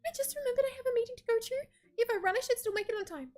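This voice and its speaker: A woman voicing an energetic young woman secretary who talks in a rushed, breathless way. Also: extremely high pitch, pitched above the performer's own voice. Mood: hurried.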